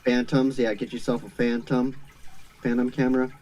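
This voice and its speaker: Mellow-voiced chatty man. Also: medium pitch, level tone, normal speed, low-quality recording. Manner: chatty, rambling, laughs often. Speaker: stream co-host. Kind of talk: casual chat.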